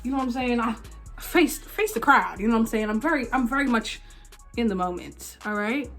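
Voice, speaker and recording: A young woman casually telling a story to her vlog audience, animated, acting out the people in it. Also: on the high side, brisk, faint music behind. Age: young adult. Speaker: vlogger.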